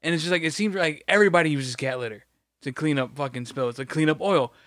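A man's voice: a little high, quick pace, a bit bright, dry recording, clean studio sound. A man in casual chat, rambling and swearing as he tells a work story. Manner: rambling, profane, sympathetic storyteller.

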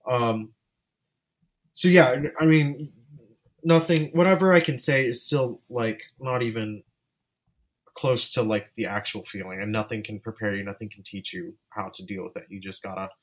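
A man's voice: medium pitch, fairly even intonation, normal speed. A man talking as an interview guest, a filmmaker speaking candidly and rambling with frequent restarts. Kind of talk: casual interview chat.

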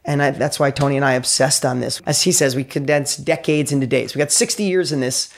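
A man speaking as an entrepreneur guest on a podcast, an energetic storyteller who acts out the quotes in his stories. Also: medium pitch, brisk. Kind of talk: enthusiastic podcast interview.

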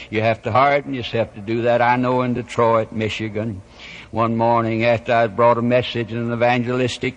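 Evangelist, mid-pitched, builds from hushed telling to hard shouting, dull old tape. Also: male voice. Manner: surges from quiet storytelling to loud impassioned warnings. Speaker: evangelist preacher. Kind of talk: fiery revival sermon. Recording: dull lo-fi old sermon recording.

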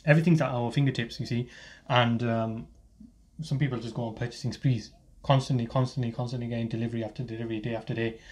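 Quick-spoken podcast co-host man. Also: medium pitch. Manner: calm advice-giving with fillers. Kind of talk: casual podcast chat.

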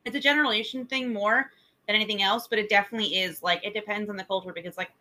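A woman's voice: mid-range voice, steady tone, fast, bright, forceful tone, rough recording. A woman co-hosting a podcast in casual chat, chatty and blunt, swearing freely. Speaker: podcast co-host.

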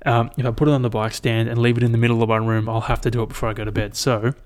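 A man's voice: mid-range voice, little pitch movement, very fast, darkish tone. A young Australian man chatting alone into a mic, rambling and swearing freely as he retells his week. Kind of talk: casual solo chat.

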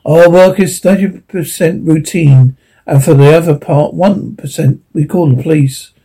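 A man voicing a small, wisecracking private detective in a brisk manner in an audiobook reading. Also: a little high, mellow, breathy edge, low-quality recording. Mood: wry.

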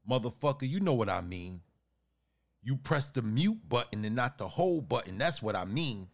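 A man's voice: medium pitch, sing-song, normal speed, gravelly. A man ranting profanely and indignantly as a wronged customer in a comedy sketch. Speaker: podcast host.

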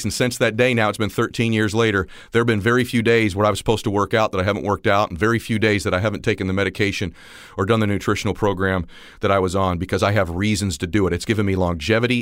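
Man, forties, motivational speaker, rapid storytelling, acts out dialogue, dry close sound. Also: lowish voice, no echo. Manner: storytelling, acting out dialogue, rising to near shouts. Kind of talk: motivational talk.

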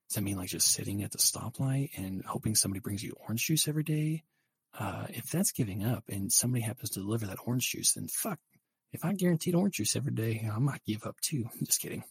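Brief: husky, gravelly young man, rambling and profane, livestream host on a dry close mic. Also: on the low side, dry recording. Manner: rambling, profane, animated storytelling. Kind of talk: casual livestream chat.

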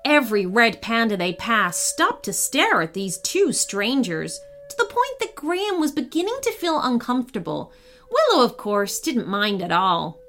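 A woman storyteller narrating a children's story in a gentle, expressive way. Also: a little high, normal speed, slight background noise. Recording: soft background music.

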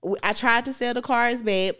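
Young woman co-host, reflective and rambling, pitched a bit high. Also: moderate pace, pushed and bright, clean tone. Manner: rambling, lots of "like" fillers; candid and reflective. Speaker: podcast co-host. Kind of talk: casual chat.

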